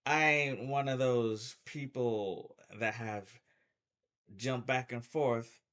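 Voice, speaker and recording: A man's voice: medium pitch, fairly even intonation, takes it slowly, fairly bright tone. A middle-aged man giving a heated, repetitive opinion rant as a sports vlogger, stumbling and restarting as he talks.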